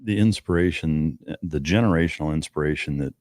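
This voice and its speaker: A man talking casually as an interviewer, halting and full of fillers. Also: a bass voice, a little mellow, dry recording, studio quality.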